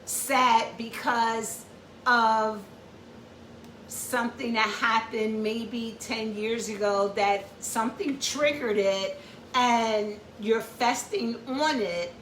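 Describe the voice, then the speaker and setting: Woman, slow deliberate talker, repeats points, recorded from a distance, faint room noise. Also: a little high, fairly bright tone. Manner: repetitive, explaining, with checking "okay?" asides. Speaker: host. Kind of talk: informal educational talk. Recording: echoey room, far from the mic.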